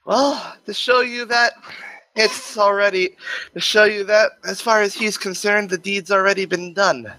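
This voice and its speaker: A man's voice: high-pitched, steady tone, a little slow, bright, forceful tone, dry recording, pitched above the performer's own voice, poor audio. A man voicing Death as a weary, condescending male figure in a tabletop game. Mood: smug.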